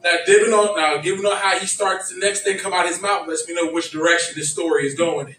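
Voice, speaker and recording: High-voiced man telling stand-up stories. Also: fast talker. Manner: animated, acts out friends' lines in quotes. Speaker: stand-up comedian. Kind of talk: stand-up comedy storytelling. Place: comedy club stage. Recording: echoey club sound from a distance.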